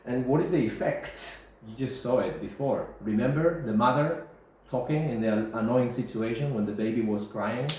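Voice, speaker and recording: A man's voice: mid-range voice, normal speed, hardly any pauses, a little mellow. A male English teacher giving a classroom grammar lesson, repeating key terms and checking in with his students. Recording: very echoey room, faint background hiss.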